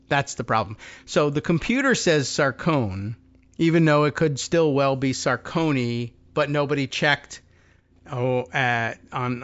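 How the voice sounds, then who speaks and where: Male talk host, rambling and wry, medium pitch, slightly dull lo-fi sound. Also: fairly bright tone. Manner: rambling, self-interrupting, wry. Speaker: podcast host. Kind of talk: casual political talk show commentary.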